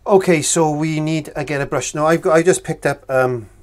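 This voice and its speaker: A man, talking through a painting tutorial in a relaxed, chatty way as he works. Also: fairly high pitch, moderate pace. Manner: relaxed, chatty, talks while working. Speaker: painting instructor.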